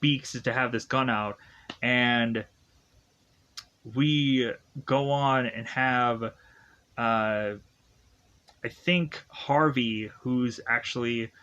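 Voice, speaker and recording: A man casually recapping a movie plot, halting often and chuckling as he goes. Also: medium pitch, fairly even intonation, sharp tone, dull audio. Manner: halting, filler-heavy, chuckling. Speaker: film reviewer.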